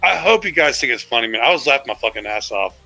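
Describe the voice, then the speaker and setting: A man's voice: medium pitch, expressive, quick pace, creaky, pushed and bright, no echo, rough recording. A man co-hosting a casual livestream chat who rambles, laughs and swears freely. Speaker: video creator and co-host.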